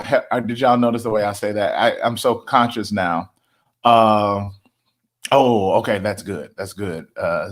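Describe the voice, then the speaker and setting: A middle-aged man, a pastor chatting casually with his online viewers, joking and stretching words for emphasis. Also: on the low side. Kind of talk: casual livestream talk to viewers.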